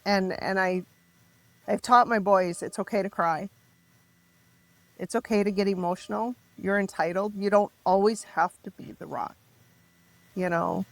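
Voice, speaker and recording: A middle-aged woman telling her story as a podcast guest, raw and emotional, halting and restarting as she speaks. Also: medium pitch, steady tone, gravelly, no echo. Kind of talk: candid personal storytelling.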